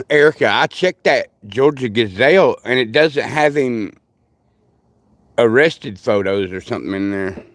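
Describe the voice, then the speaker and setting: A man's voice: mid-range voice, expressive, unhurried, no room sound. An older man, rambling through folksy stories while chatting with viewers on a livestream. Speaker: livestream host. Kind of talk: casual live chat with viewers.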